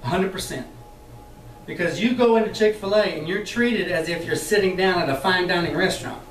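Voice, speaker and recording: A chatty, animated man teaches a roomful of trainees, laughing as he goes and putting on voices for the people he quotes. He sits a little high for a man, and the sound is roomy and echoey, as if the mic is some way off. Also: a little fast, faint music behind. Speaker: sales trainer. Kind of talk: training talk to a live group. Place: meeting room with an audience. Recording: echoey room, mic far off.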